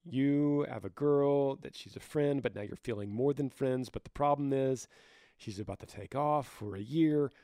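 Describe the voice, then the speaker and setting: A man's voice: mid-range voice, moderate pace, no echo, clean studio sound. A man hosting a podcast, giving casual advice in an earnest, conversational way, his voice a little scratchy. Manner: earnest, conversational, with restarts and soft laughs. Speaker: podcast host.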